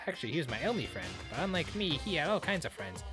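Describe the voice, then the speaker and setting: A man doing a defensive, excitable young guy. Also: fairly high pitch, fast, over music, voice pushed up.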